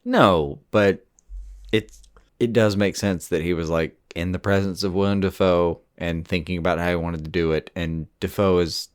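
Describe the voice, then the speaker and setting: A man's voice: deep voice, fairly even intonation, moderate pace, clear, resonant tone. A man co-hosting a podcast, talking casually and rambling with lots of fillers and the odd swear word. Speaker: podcast co-host.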